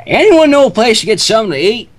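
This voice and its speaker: A man's voice: sits high, big pitch swings, quick pace, voice pushed up. A man voicing a brash, crude redneck man who cracks rude jokes. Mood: rowdy.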